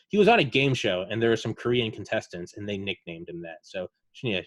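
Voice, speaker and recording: A man's voice: on the low side, very animated, brisk, few pauses, a bit bright, no room sound. A man hosting a casual podcast chat, retelling veterans' war stories in a rambling way with lots of fillers. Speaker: podcast host.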